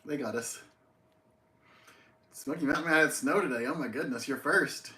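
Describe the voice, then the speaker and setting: A man's voice: on the high side, moderate pace, bright, forceful tone. Chatty East Tennessee man greeting viewers. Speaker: livestream host. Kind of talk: casual livestream chat. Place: outdoors by a tree. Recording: roomy echo.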